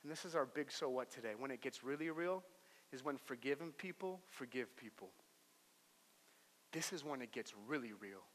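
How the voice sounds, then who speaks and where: A young man preaching a sermon as pastor, moving between soft, confiding talk and loud, emphatic passages, and telling stories with playful put-on voices. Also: medium pitch, lively intonation, moderate pace. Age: young adult. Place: church auditorium. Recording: long hall reverb.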